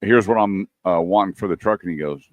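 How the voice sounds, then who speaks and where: A low-voiced man spins a casual story on a radio show. He acts out each quote as he goes. The sound is dry and close. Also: a little fast, no echo.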